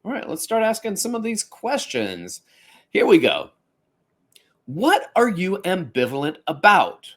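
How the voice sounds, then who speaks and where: A man in his forties hosting a fitness podcast, talking in a conversational, animated way with playful asides. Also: sits high, measured pace. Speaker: podcast host. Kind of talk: casual podcast monologue.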